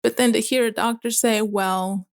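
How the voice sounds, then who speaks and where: A woman's voice: mid-range voice, moderate pace, vocal fry, a little mellow, dry recording, clean studio sound. A young woman, a mother, speaking candidly in casual conversation with many fillers. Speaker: guest.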